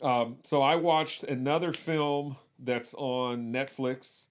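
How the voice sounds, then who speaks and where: A man's voice: mid-range voice, steady tone, slow pace, clean tone. A man co-hosting a podcast, chatting casually about movies, restarting sentences and repeating words as he goes. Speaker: podcast co-host.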